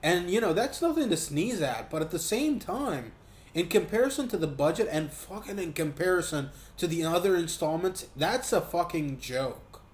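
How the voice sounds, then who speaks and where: A man giving a casual, profane movie review, talking in an animated way and mocking what he saw. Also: a little high, echoey room. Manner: profane, animated, quick asides with mocking quoted voices.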